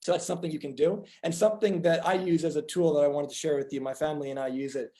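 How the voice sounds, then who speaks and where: A man's voice: on the high side, steady tone, quick pace, dark tone, low-quality recording. A man, a doctor, giving a conference talk, earnestly telling patient stories and acting out their dialogue.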